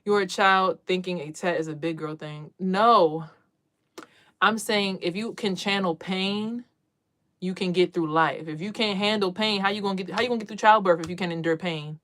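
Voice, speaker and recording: A woman's voice: on the low side, normal speed. A woman hosting a casual livestream from a small closet, talking emphatically in a preachy way and often repeating her words. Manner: emphatic, preachy, repeats words, mimics others in loud bursts. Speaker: livestream host doing card readings.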